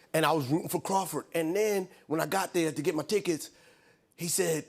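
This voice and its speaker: A man's voice: a little high, brisk, vocal fry, a little hiss or hum. A man in his fifties, a comedian guest telling funny stories on a late-night talk show and acting out the people in them. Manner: acts out quoted voices, laughs through stories. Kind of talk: animated comic storytelling. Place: TV studio with live audience.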